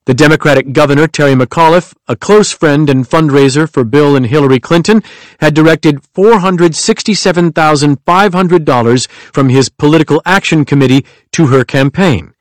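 A male audiobook narrator reads nonfiction in a measured, even manner. His voice sits a little high for a man, and the recording is dry and close, with no room sound. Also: no echo.

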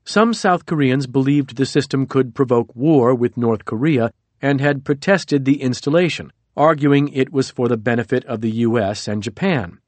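A man reading a nonfiction audiobook in a measured, even narration. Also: medium pitch, dry recording. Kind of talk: scripted narration.

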